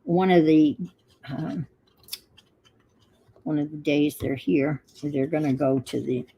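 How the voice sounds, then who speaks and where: A woman's voice: deep voice, fairly even intonation, slow pace, mellow, highs cut off, slight background noise. An older woman hosting a crafting livestream, chatting casually and muttering to herself as she works. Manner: talks to herself while working, muttering asides.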